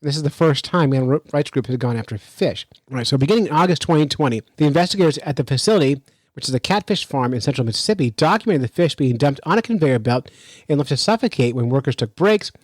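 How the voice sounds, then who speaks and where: A man hosting a fishing podcast, telling a story in an animated, chatty way and reading news out with his own remarks. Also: fairly high pitch, fast, no echo, low-quality recording. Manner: animated, chatty, laughs while telling stories. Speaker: podcast host. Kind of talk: casual storytelling and news commentary.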